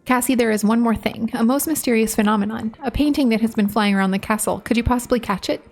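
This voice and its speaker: A polite candelabra servant from a video game speaks through a woman who reads his lines in her own voice. The tone is fairly high and plain, with no put-on accent. He sounds formal and courteous. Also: fast, soft background music. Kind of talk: reading game dialogue aloud.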